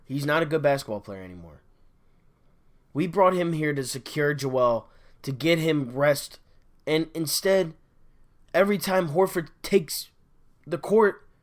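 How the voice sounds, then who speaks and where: A man hosting a sports podcast, delivering an exasperated solo fan rant, repeating his complaints over and over. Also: on the high side. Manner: exasperated, repetitive ranting.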